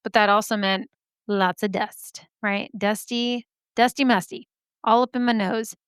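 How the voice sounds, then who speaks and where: A woman's voice: mid-range voice, fairly even intonation, unhurried, clear, resonant tone, dry recording. Bubbly woman in her thirties, podcast host, chatty, a touch scratchy, dry close mic. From Arizona. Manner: bubbly, chatty, laughs often. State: slightly scratchy throat. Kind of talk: casual chat. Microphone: studio microphone.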